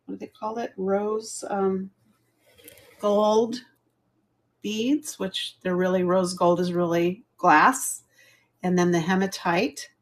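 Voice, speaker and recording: A woman's voice: mid-range voice, flat delivery, slow pace, long pauses. A middle-aged woman hosting a casual live jewelry sale, chatty and rambling, laughing at her own fumbles. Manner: chatty, rambling, self-deprecating. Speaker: live jewelry auction host. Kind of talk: casual live selling chat.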